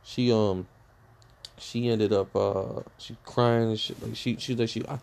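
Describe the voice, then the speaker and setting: A young man telling a personal story in a rambling, profane, animated way, full of fillers. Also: on the low side, measured pace, creaky. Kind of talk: casual storytime rant.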